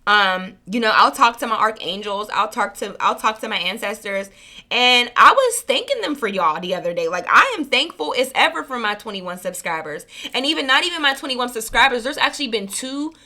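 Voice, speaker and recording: Her voice on the high side and sharp in tone, a woman hosting a spiritual reading channel gives her viewers a casual, heartfelt talk, drifting off track and correcting herself as she speaks.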